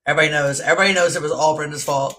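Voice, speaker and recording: A woman's voice: low-pitched, steady tone, racing, fairly bright tone. A tipsy woman hosts a casual livestream. She teases her friends, laughs often and chats loosely with her viewers. There's faint noise behind her. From East Texas. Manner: playful, laughing, teasing. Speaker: livestream host. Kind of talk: casual live-stream chat.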